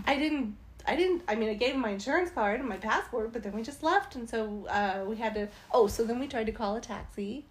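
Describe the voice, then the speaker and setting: A woman casually telling a travel story, animated and laughing as she goes. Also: a little high, brisk, hardly any pauses. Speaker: travel vlogger.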